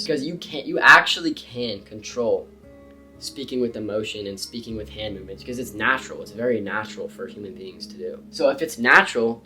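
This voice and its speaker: Young man, animated, emphatic, slangy, motivational talk, soft guitar music under. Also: medium pitch. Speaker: self-improvement creator. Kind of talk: casual motivational talk to camera.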